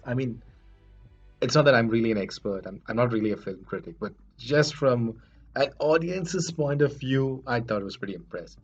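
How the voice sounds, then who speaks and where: Husky, chatty male film reviewer. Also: mid-range voice. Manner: earnest, self-deprecating, chatty. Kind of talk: casual spoken film review. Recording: dull lo-fi recording, faint music.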